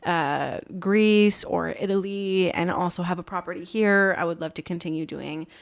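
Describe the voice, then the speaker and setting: A woman's voice: fairly low pitch, normal speed, creaky. A woman in her thirties chatting on a podcast, teasing and rambling with many restarts. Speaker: podcast co-host. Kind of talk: casual chat.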